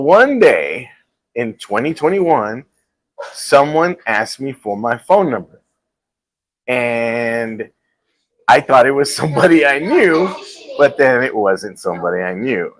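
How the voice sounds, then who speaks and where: A man's voice: mid-range voice, fairly bright tone, slight background noise, poor audio. A man hosting a live talk show from a restaurant, telling rambling stories and laughing often. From Texas. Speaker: show host.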